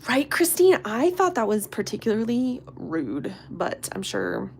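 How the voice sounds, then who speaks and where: A woman in her thirties talks through a live crafting session in a casual, bubbly way, greeting viewers by name. She often drops into soft, half-whispered asides. Faint room noise sits behind her voice. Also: fairly high pitch, sing-song, unhurried, gravelly. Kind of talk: casual live-stream chat while sculpting.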